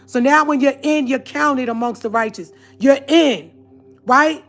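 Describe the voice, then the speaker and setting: A woman's voice: sits high, measured pace, creaky, soft background music. Earnest New woman telling her story. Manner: earnest, emphatic, addresses viewers directly. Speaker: vlogger. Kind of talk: personal testimony storytelling.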